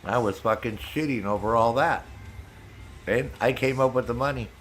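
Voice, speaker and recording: A man's voice: mid-range voice, normal speed, a little hiss or hum. Angry swearing man venting on stream. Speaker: game streamer. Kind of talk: casual chat while gaming.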